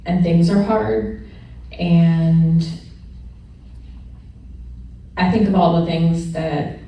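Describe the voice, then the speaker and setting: Middle-aged woman, lowish voice, frank and laughing, addressing a room from a distance in a big echoey space. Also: fairly even intonation, drawn-out words, lo-fi sound. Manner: candid, laughs often, gets emotional. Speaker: honored alumna speaking at a celebration. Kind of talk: personal storytelling remarks to an audience. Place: large echoey event room with an audience.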